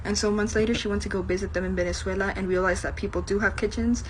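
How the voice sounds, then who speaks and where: A woman's voice: mid-range voice, quick pace, slight background noise, low-quality recording. A woman casually telling a family anecdote and acting out the quotes. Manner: animated, acts out quotes. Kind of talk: casual storytelling.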